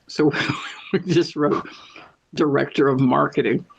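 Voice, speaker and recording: Higher-voiced man telling a rambling story. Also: unhurried, vocal fry, husky, dry recording. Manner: lively, meandering storytelling with self-corrections. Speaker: guest storyteller. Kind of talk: casual anecdotal chat. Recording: dull lo-fi sound.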